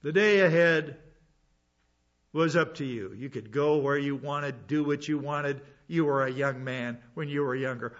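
Male preacher, fairly high voice, earnest verse-by-verse sermon, muffled lo-fi recording. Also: unhurried, fairly bright tone. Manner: earnest, explains scripture verse by verse with asides. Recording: dull lo-fi sound.

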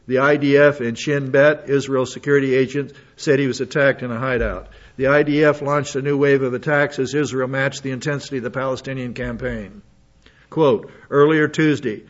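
A man reading news articles aloud and adding his own comments and asides. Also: mid-range voice. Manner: reads aloud with asides and restarts. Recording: dull lo-fi audio.

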